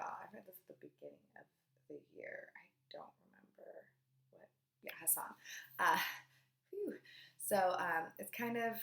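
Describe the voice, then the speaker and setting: A young woman casually chatting through her monthly book wrap-up, rambling with fillers and drifting into quiet asides. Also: medium pitch. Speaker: book vlogger. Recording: echoey room.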